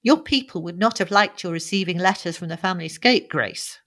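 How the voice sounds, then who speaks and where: A woman voicing a shabby young man back from years abroad, rueful and clipped in his replies. The voice sits fairly low and plain, read as a storybook character without much change from the reader. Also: brisk, a bit bright, close to an everyday voice. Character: weary shabby young man, bitter wanderer. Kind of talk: audiobook character reading.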